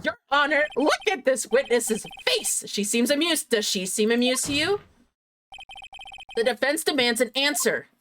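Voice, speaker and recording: A woman's voice: sits high, animated, moderate pace, fairly bright tone, a little hiss or hum. A woman voicing an earnest young male defense lawyer who presses witnesses with pointed questions. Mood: pressing.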